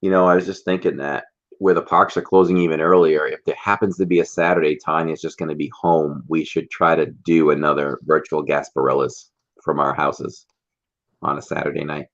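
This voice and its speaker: A man with an extremely low, fairly flat voice co-hosts a casual livestream, speaking a little fast. He tells teasing stories and laughs often, and the stream audio is dull and lo-fi.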